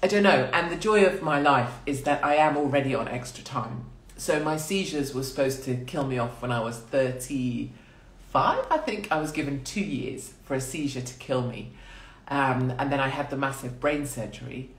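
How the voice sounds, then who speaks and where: A woman's voice: a bass voice, moderate pace. Woman, forties, crude and irreverent, rambling livestream chat, phone mic, echoey small room. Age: 40s. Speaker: livestream host. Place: small hotel quarantine room.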